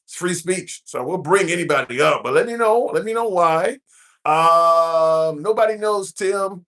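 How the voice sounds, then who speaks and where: A man from the American Midwest hosts a loose live-stream call-in, chatting along and reading viewer comments aloud. His voice sits a touch high, and his talk is full of fillers and restarts. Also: unhurried, a bit bright. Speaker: livestream host. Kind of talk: casual live-stream chat. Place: cruise ship at sea.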